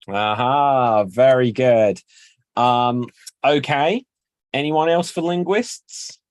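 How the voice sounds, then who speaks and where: A man's voice: mid-range voice, dry recording. A man hosting an improv pun game, calling on players and chuckling at their jokes. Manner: unhurried, chuckling at puns.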